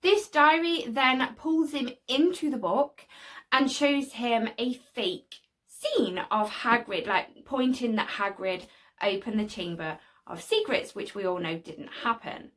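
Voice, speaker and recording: A woman's voice: a little high, a little slow, a bit bright. A young woman, talking casually to camera in an opinionated vlog and scolding a story character directly. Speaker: video host.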